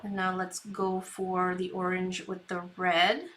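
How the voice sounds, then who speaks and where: Female craft streamer, chatty, giggly, slow pace, bright tone. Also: lowish voice, monotone, slight background noise. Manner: chatty, talks to herself, giggles often; reads viewer comments aloud. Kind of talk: live painting tutorial chat.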